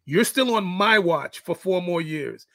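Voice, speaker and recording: A man's voice: sits high, animated, unhurried, gravelly, a bit bright, no echo. A middle-aged man and father telling a parenting story in casual chat, acting out the quoted lines. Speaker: guest, fitness coach and father.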